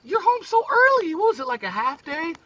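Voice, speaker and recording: A man voicing a frantic, shrill middle-aged mother who shrieks in exasperation, on a distant lo-fi phone video. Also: very animated, fairly quick, sharp tone, slight background noise, heavily acted.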